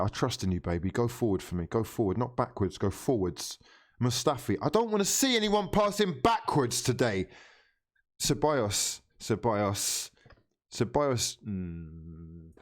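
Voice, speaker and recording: A young man with a fairly low voice hosts a live football watchalong, commenting on the game as he reacts. He pleads with the players, scolds them, and swears often.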